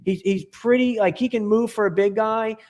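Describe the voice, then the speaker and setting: Man, high voice, casual podcast chat, enthusiastic, rambling, stop-start. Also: steady tone, normal speed, darkish tone. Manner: rambling, enthusiastic, many restarts and fillers. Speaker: podcast guest.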